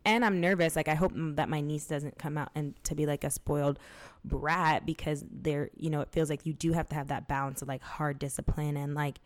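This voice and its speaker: A woman's voice: low-pitched, fairly even intonation, a little fast, few pauses. A young woman co-hosting a podcast, talking candidly and casually, swearing and acting out quotes as she tells a story. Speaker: podcast co-host. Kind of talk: casual chat.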